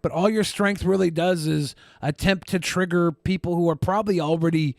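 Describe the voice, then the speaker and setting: A man's voice: high voice, steady tone, moderate pace, vocal fry, no room sound, studio quality. A man hosting a podcast in casual chat, with crude, mocking banter. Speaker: podcast host.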